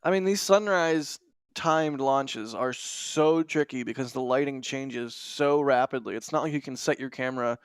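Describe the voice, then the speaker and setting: A man hosting a live rocket launch stream, chatting excitedly with his co-hosts. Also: mid-range voice, moderate pace, clean tone, no room sound, clean studio sound. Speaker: livestream host.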